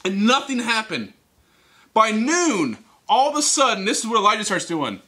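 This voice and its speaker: A man preaching to teens, telling a Bible story with animated, teasing character voices. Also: high-pitched, moderate pace. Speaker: youth speaker. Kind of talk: youth sermon storytelling. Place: church hall.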